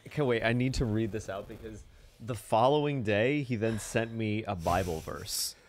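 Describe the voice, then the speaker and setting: A man co-hosting a podcast who tells an animated story in casual chat and slips into voices for the people he quotes. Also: on the low side, normal speed, slight background noise. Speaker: podcast co-host.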